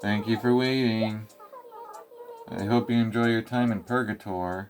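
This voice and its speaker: A man's voice: lowish voice, fairly even intonation, moderate pace, natural voice. A man doing a flirty sweet-talking greeter. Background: game music.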